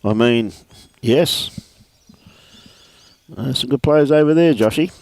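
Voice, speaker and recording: With a mid-range, darkish voice and no echo, a middle-aged Australian man talks slowly, leaving long pauses. He delivers live lawn bowls commentary in a relaxed, jokey way full of banter, calling people mate.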